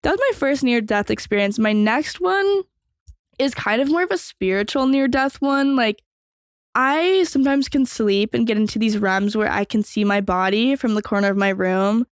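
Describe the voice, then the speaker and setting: A woman's voice: a little high, moderate pace, dry recording. Young woman rambling through a story, dry sound. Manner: rambling, filler-heavy, swearing freely. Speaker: podcast host. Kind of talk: casual storytelling.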